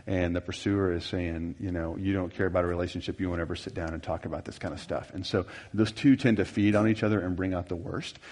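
Low-voiced man teaching in a reverberant hall. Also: steady tone, brisk, few pauses, darkish tone. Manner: folksy, rambling, self-deprecating with many fillers. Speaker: marriage workshop speaker. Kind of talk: conversational seminar teaching.

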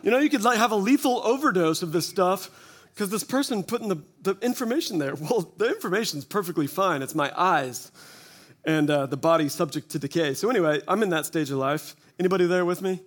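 A man's voice: sits high, expressive, brisk. A man in his forties giving a humorous, self-deprecating testimony talk at a church gathering, telling stories with quoted asides. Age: 40s. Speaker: church speaker. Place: church gathering before an audience.

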